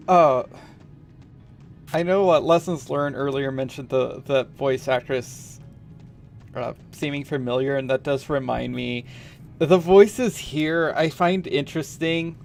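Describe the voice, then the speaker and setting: A man's voice: on the high side, slow, vocal fry, pauses often, faint music behind. A man streaming a game, musing and rambling in casual commentary, chuckling now and then.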